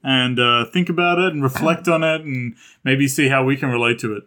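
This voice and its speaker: A male podcast co-host with a mid-range voice who rambles and hesitates. He pauses on fillers and restarts his thoughts as he goes. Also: medium pitch, pushed and bright. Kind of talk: casual podcast chat.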